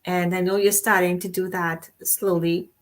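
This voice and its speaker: A woman's voice: on the low side, little pitch movement, moderate pace. A woman co-hosting a casual talk show, speaking effusively and rambling, with frequent restarts and rephrasings. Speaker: co-host.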